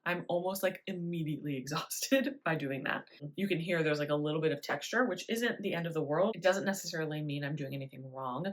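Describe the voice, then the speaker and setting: A young adult woman voice teacher explaining breathing in a relaxed, chatty way with little laughs. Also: deep voice. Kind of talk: spoken singing lesson.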